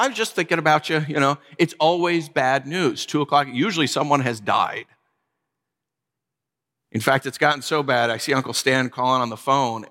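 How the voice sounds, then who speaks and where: Guy in his 40s preaching, chatty storyteller, bright edgy voice, big echoey hall. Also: mid-range voice. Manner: storytelling, conversational, dropping to quiet for sad moments. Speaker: pastor. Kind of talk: sermon.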